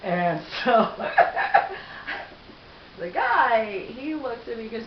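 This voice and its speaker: A woman tells a story to camera at an unhurried pace. Her pitch swings widely, and she breaks into laughter and sarcastic asides. The room sounds echoey, the audio slightly dull, with a faint hiss. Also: lively intonation. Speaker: vlogger telling a personal story.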